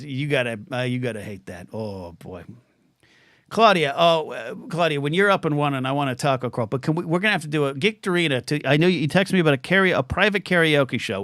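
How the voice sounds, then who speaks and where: Rambling, heartfelt middle-aged podcast host. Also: male voice, medium pitch, a bit bright, no room sound, studio quality. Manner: rambling, repeats words, emotional and choked up when thanking viewers. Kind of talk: rambling livestream chat reading viewer comments.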